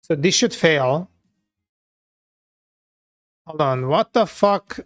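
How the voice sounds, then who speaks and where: A man's voice: fairly high pitch, lively intonation, drawn-out words. A man talking loosely through a live coding session, with many filler words and casual swearing. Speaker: software developer streaming his coding work.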